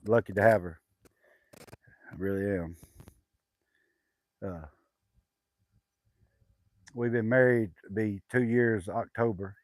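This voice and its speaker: A man's voice: on the low side, no room sound. Rambling Southern man chatting on a live stream. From Southwest Arkansas, USA. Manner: rambling, halting, many fillers and restarts. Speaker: homesteader livestreaming. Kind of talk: casual live-stream chat reading comments. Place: outdoors on a rural homestead.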